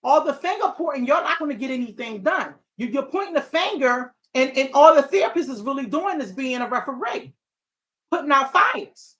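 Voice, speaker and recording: A middle-aged woman hosting a talk show, speaking casually and animatedly to her audience, preachy and quick to digress. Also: high-pitched, lively intonation, a bit bright. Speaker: talk show host and therapist.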